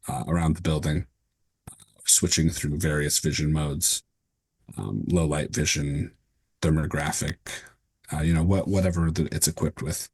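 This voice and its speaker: Deep husky game master. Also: male voice, darkish tone. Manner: explains rules and describes scenes with many fillers. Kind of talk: running a tabletop game.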